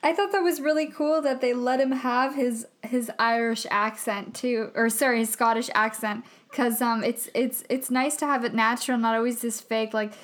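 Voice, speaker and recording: Woman co-host, slightly high, relaxed and agreeable, halting phrasing. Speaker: podcast co-host. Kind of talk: casual movie review chat.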